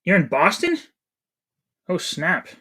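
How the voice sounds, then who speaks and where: A man's voice: high voice, wildly swooping pitch, slow pace, bright, forceful tone, slightly rough. Chatty man in his thirties streaming. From New England, USA. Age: 30s. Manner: chatty, reads chat aloud while playing. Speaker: game streamer. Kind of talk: casual live-stream chat.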